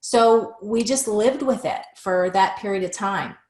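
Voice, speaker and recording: A woman's voice: medium pitch, a little slow. A woman in her fifties, an interview guest telling a personal story in conversation and acting out the dialogue. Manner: animated, acts out quoted dialogue. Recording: roomy echo.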